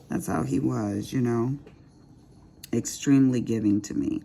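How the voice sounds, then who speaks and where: A woman's voice: rumbling low, sing-song, measured pace, creaky, warm tone. A middle-aged woman, chatting casually and expressively to her viewers while she crafts, calling them honey. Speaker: diamond painting vlogger.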